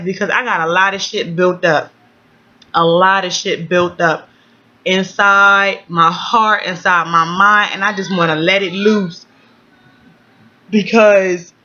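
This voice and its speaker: A woman's voice: lowish voice, pushed and bright, muffled recording. Blunt, foul-mouthed woman vlogger. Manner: blunt, outspoken, heavy swearing. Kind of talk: casual venting vlog. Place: at home.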